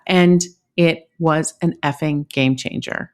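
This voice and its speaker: A woman's voice: sits low, steady tone, takes it slowly, smooth. A woman co-hosting a podcast, telling a story in casual chat with emphatic slang. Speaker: podcast co-host.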